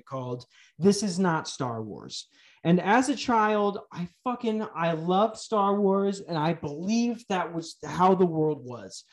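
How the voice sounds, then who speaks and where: Young male podcast host, profane sarcastic rant style. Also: fairly high pitch. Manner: swearing, ranting, sarcastic.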